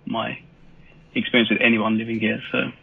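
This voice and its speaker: A man's voice: mid-range voice, little pitch movement, normal speed. A man from Britain, a manga artist guest on a podcast, talking casually in a rambling, hesitant way with many fillers and restarts, heard over a remote call. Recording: husky voice over a tinny phone-like call line.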